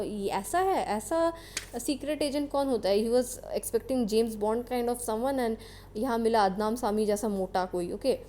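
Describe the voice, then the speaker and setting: High-voiced Indian English teacher. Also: female voice, warm tone. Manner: explains word meanings, checks in with frequent "okay?". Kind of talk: explaining a textbook chapter.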